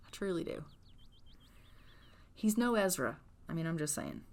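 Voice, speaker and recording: A woman's voice: fairly low pitch, big pitch swings, a little slow, a little mellow. A woman recording a casual voiceover for a life-sim game playthrough, chatty and teasingly exasperated. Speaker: gameplay narrator. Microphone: voiceover recorded after gameplay.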